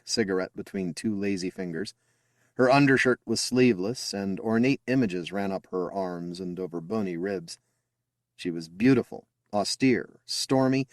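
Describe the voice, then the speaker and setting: In a clean studio recording with no room sound, a low-voiced man reads a science fiction story aloud as an audiobook narrator. His scripted narration is told with expression.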